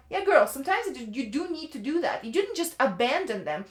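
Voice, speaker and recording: A woman's voice: high-pitched, animated, a little fast, few pauses, reverberant. A woman giving a casual, ranting book review, chatty and exasperated, leaning on "like" a lot. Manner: exasperated, chatty, fills speech with "like".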